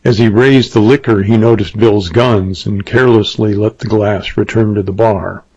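A man narrating a western novel in a measured storytelling manner. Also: on the low side, fairly even intonation, darkish tone, breathy edge. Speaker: audiobook narrator. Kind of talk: scripted narration. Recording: dull lo-fi dry recording.

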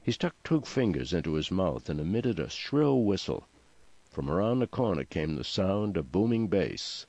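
A man reading a comic novel aloud as narrator, in a dry, even delivery. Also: low voice, moderate pace, no echo, muffled recording. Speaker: audiobook narrator. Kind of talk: scripted narration.

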